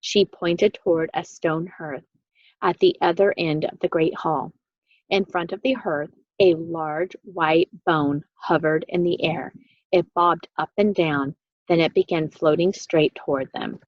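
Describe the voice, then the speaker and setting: A woman reading a children's book aloud with expressive, animated storytelling. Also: deep voice, unhurried, no room sound, lo-fi sound. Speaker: reader.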